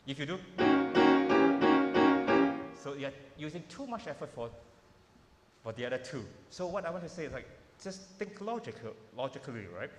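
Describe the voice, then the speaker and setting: A man's voice: a little high, lively intonation, normal speed, long pauses. Man coaching piano in an echoey hall. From Malaysia. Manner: informal coaching, repeating words, non-native phrasing. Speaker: piano teacher giving a workshop. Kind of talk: masterclass teaching. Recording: roomy hall echo with piano playing.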